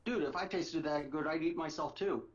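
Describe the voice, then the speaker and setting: A man trades crude jokes on a casual podcast, his voice fairly high. The sound is dull and lo-fi, as though squeezed through a cheap connection. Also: moderate pace. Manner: crude, joking banter. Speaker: podcast guest. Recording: dull lo-fi audio.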